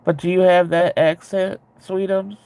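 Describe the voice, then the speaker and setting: A man chatting casually with viewers, rambling and candid, with a ready laugh and a gravelly voice. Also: sits high, level tone, measured pace, darkish tone. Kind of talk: casual chat.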